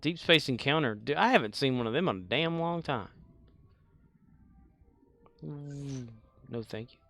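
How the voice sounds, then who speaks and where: A man's voice: mid-range voice, animated, unhurried, a bit bright. A man casually chatting while he streams a space game, laughing often and answering his chat.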